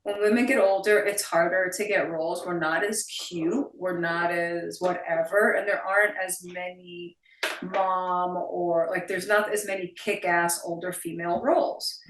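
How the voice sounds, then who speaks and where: This woman, a forties actress with a New Jersey accent, is a guest in a relaxed interview over video call, where she talks bluntly, animatedly and swears freely. Her lowish voice is a little slow. Recorded off-mic at a distance, it sounds roomy with a little hiss or hum.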